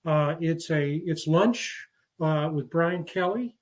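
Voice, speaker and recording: A man hosting a sports talk show, with a slightly high-pitched voice. He talks casually, rambling and joking, stopping often to restart his sentences. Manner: rambling, jokey, halting with fillers. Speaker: podcast host.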